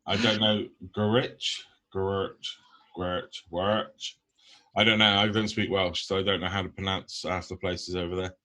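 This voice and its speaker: A man's voice: deep voice, level tone, a little fast, hardly any pauses, sharp tone. A young man from the UK, co-hosting a podcast in casual, blunt chat full of ums. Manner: blunt, rambling with many ums. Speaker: podcast co-host.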